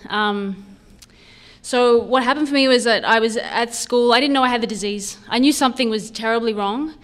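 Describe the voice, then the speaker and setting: A woman speaking candidly and haltingly about her own recovery, as a personal testimony. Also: a little high, fairly bright tone, clean tone. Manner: candid, halting, with fillers and repetition. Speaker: speaker sharing a recovery story.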